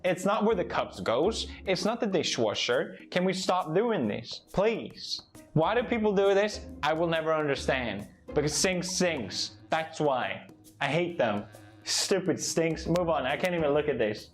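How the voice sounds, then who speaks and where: A man's voice: fairly high pitch, sing-song, normal speed, faint music behind. A European man delivering a comedic, sarcastic rant full of swearing. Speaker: comedy YouTuber.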